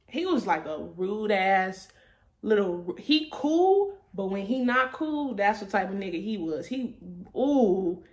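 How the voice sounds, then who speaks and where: A woman's voice: medium pitch, very animated, slow pace. A woman in her twenties, a vlogger, telling a casual story in blunt, profane slang and laughing as she goes.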